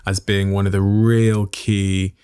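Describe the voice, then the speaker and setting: A man hosting a podcast, asking measured, reflective questions. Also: sits low, flat delivery, warm tone, clear, resonant tone, no echo, clean studio sound. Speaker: podcast host. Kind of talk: interview questioning.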